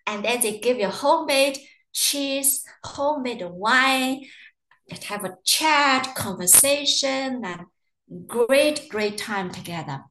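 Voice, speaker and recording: Woman presenter, chatty and anecdotal, slightly high pitch, recorded with room echo. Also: expressive, slow pace, fairly bright tone. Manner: chatty, storytelling with acted quotes. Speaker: university webinar presenter. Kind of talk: casual webinar talk. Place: living in Ireland.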